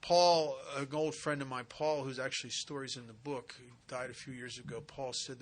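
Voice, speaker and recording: A man's voice: mid-range voice, steady tone, normal speed, few pauses, slight background noise. Earnest man telling a story at a retreat. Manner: earnest, conversational with vivid asides. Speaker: speaker at a recovery retreat. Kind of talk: personal storytelling talk. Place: retreat center talk.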